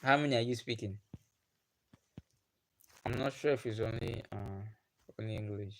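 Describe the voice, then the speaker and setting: A young man from Nigeria, whose first language is Igbo, talks casually with viewers on his livestream in a Nigerian accent. His lowish voice keeps a moderate pace over slight background noise, and he repeats himself a lot.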